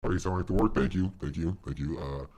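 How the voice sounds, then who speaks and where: A man doing a deep-voiced impression of a male streamer, slow, booming and mock-serious. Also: a little mellow. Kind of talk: live stream reaction.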